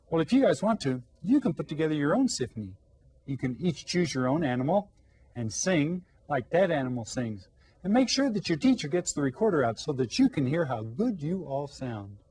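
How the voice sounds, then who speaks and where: A man's voice: on the high side, darkish tone, husky. A man teaching a playful children's Spanish lesson, coaxing the kids with questions and mimicking animal sounds.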